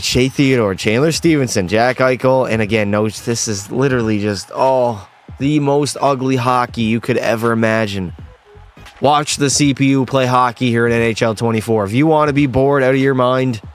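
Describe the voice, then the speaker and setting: Young man, gaming commentator, excitable play-by-play, exasperated outbursts, faint music behind. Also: mid-range voice. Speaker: gaming YouTuber.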